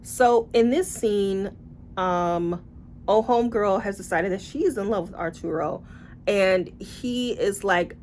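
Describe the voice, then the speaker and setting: Woman book reviewer, casual vlog; blunt, salty, sarcastic, animated asides, mid-pitched voice, faint background hiss. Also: slow pace. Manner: animated, acts out quoted characters.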